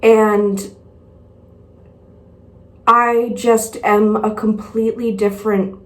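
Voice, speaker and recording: A woman's voice: medium pitch, level tone, takes it slowly. A woman vlogger talking casually to camera, candid and rambling, speaking frankly about herself. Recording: echoey room.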